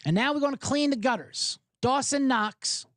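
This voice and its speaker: A man's voice: very high-pitched, lively intonation, moderate pace, a bit bright, dry recording, studio quality. A man hosting a sports betting podcast, talking in a hyped, rambling way, swearing and spinning jokey analogies. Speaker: podcast host.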